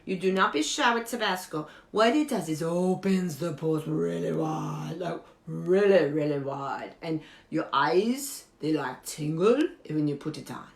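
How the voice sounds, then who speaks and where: A woman's voice: sits low, unhurried, few pauses. A woman doing a quirky beauty guru, echoey room. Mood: earnest. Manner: earnest and deadpan, with playful broken English. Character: eccentric foreign woman giving absurd beauty tips. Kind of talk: improvised comedy character monologue.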